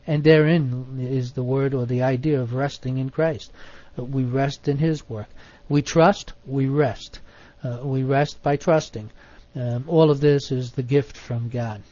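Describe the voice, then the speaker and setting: Mellow-voiced man leading a Bible study. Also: mid-range voice, fairly even intonation, dry recording, dull audio. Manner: measured, emphatic on single words, many fillers. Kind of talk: teaching in an online Bible study.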